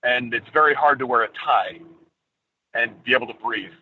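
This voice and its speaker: Animated man telling stories over a tinny line. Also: mid-range voice, normal speed, a little hiss or hum. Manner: animated storyteller, acts out quotes. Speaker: podcast guest. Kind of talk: casual storytelling. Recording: tinny phone-line sound.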